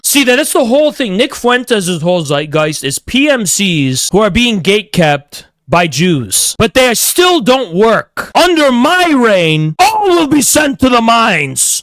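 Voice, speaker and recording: A young man on a profane, swaggering rant whose voice sits high for a man and leaps all over the place, dropping to low mutters and then climbing into shouts. The sound is close and dry, with no room around it. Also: no echo, low-quality recording. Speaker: political streamer. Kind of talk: heated political rant.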